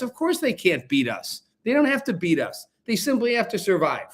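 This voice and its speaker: A man's voice: high voice, big pitch swings, brisk. A man hosting a political talk show, arguing his point emphatically and repeating key phrases for force. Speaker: show host.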